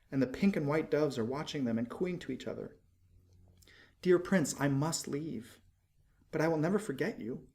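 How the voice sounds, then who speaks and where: A man's voice: on the high side, darkish tone, natural voice. Devoted small swallow, tender and earnest, storybook; male reader doing it.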